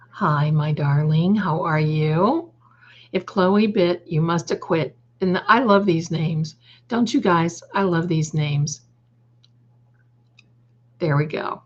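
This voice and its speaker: A chatty woman with a fairly low voice hosts a casual livestream, reading the chat aloud and calling her viewers darling. She drifts into snarky, opinionated asides. The audio is dull and lo-fi. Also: animated, slow, long pauses. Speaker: livestream host.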